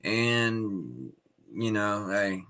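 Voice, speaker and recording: A man's voice: lowish voice, animated, very slow, bright, forceful tone. A sick man hosting a casual livestream, greeting his viewers one by one by name. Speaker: livestream host.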